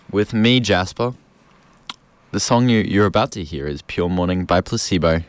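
A young man with a low, deep voice hosts a community radio show from the studio. He chats upbeat and loose, circling back with ums and repeated words. The sound is close and dry, with no room around it. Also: normal speed, long pauses, dry recording. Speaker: radio host. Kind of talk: casual community radio chat. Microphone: studio microphone.

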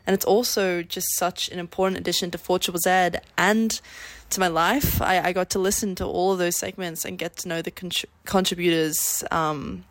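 A young woman, a former radio presenter, sounding nasal from a cold and speaking in a grateful, slightly halting way. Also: fairly low pitch, no room sound. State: sick, nasal voice. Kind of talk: recorded congratulatory message.

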